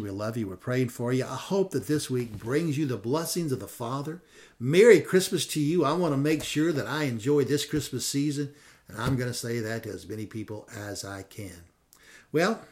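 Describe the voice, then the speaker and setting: A man hosting a ministry podcast, talking in a folksy, rambling way with frequent fillers and self-corrections. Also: medium pitch. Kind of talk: casual podcast sign-off.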